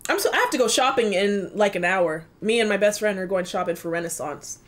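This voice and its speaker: A young woman chatting casually and excitedly as she reacts to an album at home. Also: medium pitch, a little fast. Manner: excitable, squealing, laughing. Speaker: music reaction YouTuber.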